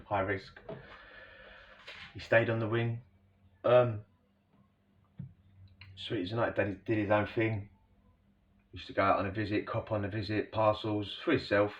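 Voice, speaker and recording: A man's voice: fairly low pitch, little pitch movement, a little slow, long pauses. A man casually telling a prison story, rambling and slangy, full of asides to the listener. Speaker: storyteller recounting prison life. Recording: distant, dull lo-fi recording.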